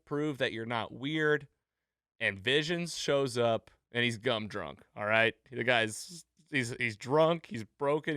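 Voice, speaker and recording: A man's voice: medium pitch, smooth, no room sound, clean studio sound. A man co-hosting a casual podcast, recapping an episode with frequent laughter and acted-out quotes. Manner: animated, laughs often, acts out quoted lines. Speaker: podcast co-host.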